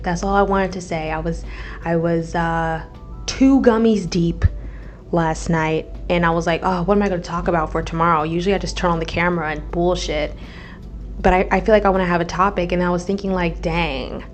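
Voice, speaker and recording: Faint music plays behind this twentysomething podcast host from the American Midwest as she talks at a moderate pace. Her fairly low voice stays fairly even in intonation. In her casual solo vlog she's blunt and chatty, cursing freely and asking "okay?".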